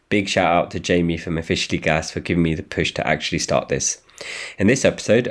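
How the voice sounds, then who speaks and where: Easygoing podcast host, man. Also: low-pitched. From England, Luton. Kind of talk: casual interview chat.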